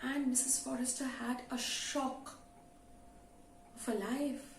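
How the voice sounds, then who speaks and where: A woman's voice: high voice, little pitch movement, slow pace, vocal fry, a little hiss or hum. A woman teacher retelling a story to students in a conversational way, with many "you know" fillers. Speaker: English teacher. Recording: roomy with faint ambience.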